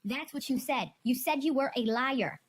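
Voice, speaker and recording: A woman's voice: high voice, animated, moderate pace. Firm, insistent woman prosecutor. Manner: firm, insistent, repeats points. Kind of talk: courtroom exchange with a witness.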